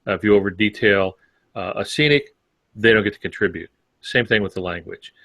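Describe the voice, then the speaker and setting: A man with a fairly low voice co-hosts a writing podcast and works through his points in long, rambling turns. The sound is dry and close, with no room around him. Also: brisk, sharp tone, dry recording. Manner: rambling, filler-heavy explanations. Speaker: podcast co-host. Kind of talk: casual discussion.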